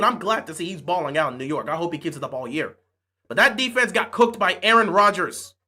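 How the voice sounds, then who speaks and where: A man with a high, sharply bright voice reacts to a football game as it unfolds. He trash-talks the other side with rapid rhetorical questions, then switches into homemade play-by-play commentary. The tone is casual, like a fan talking to a live audience from his couch.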